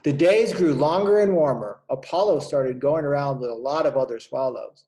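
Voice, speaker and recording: Gravelly-voiced male kindergarten teacher reading aloud. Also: fairly high pitch. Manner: gentle, pausing to point out pictures. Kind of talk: reading a picture book aloud to children.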